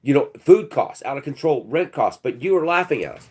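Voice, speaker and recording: Mocking, animated male ranter. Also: fairly high pitch, brisk, heavy background noise. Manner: mocking, scornful, profane. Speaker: channel host. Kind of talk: ranting commentary.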